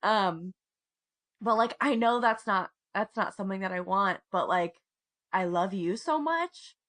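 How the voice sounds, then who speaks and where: A woman's voice: mid-range voice, lively intonation, measured pace, fairly bright tone. A woman in her thirties co-hosting a podcast, speaking in casual chat in an earnest, heartfelt way and laughing often. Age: 30s. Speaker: podcast co-host.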